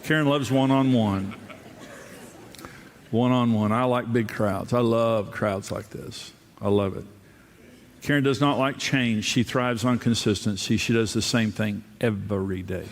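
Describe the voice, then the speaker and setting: A man's voice: on the low side, measured pace, in a large hall, slight background noise. Older man preaching a humorous marriage sermon. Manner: humorous storytelling, voice jumps up when mimicking others. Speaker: pastor. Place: large room with a live audience.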